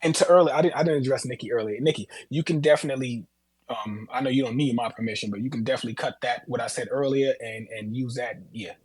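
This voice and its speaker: New Yorker, husky voice, dry sound, relaxed talker. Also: male voice, mid-range voice, fast talker, no room sound. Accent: New York. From New York. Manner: laid-back, explains with many fillers. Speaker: call-in speaker. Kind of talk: casual chat in an audio chat room.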